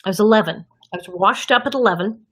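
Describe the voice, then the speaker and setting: A woman in her fifties, a guest actress in an interview, telling stories in a lively way and acting out the people she quotes. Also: medium pitch, fast, breathy edge. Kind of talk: anecdotal interview storytelling.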